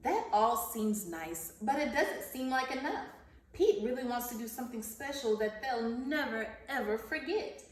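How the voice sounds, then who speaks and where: A woman's voice: a little high, animated. Woman teacher reading aloud, echoey and distant. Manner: slow, carefully enunciated, repeats words for children. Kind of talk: vocabulary lesson and read-aloud story. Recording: roomy, echoey sound from a distance off the mic.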